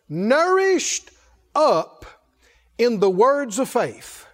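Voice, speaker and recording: A male pastor preaching a sermon in an emphatic call-and-response style, shouting some refrains. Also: very high voice.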